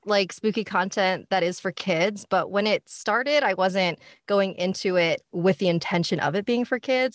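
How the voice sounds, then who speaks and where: A woman's voice: mid-range voice, fairly bright tone, dry recording. Enthusiastic woman with a dry sound. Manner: enthusiastic, laughs often, many "like" fillers. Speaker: guest, maker of spooky videos. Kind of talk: casual podcast chat.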